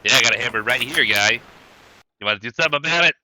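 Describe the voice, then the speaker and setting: A man's voice: medium pitch, expressive, racing, pushed and bright, slight background noise, rough recording. A man voicing a small, menacing male goblin barkeep who blusters and threatens. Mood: threatening.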